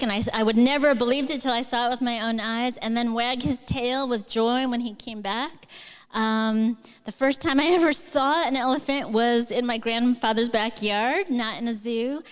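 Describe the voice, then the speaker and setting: Middle-aged woman, enthusiastic rambling storyteller, higher voice, smooth and clear, on stage in a hall with long reverb. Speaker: guest author. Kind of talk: onstage conversation with audience. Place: large hall before a live audience.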